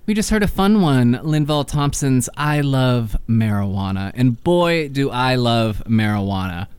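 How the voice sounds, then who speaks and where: A man's voice: mid-range voice, expressive, a little slow, darkish tone, smooth, dry recording. A man in his thirties hosting a radio music show in a laid-back, self-deprecating way, chatting casually between songs. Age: 30s.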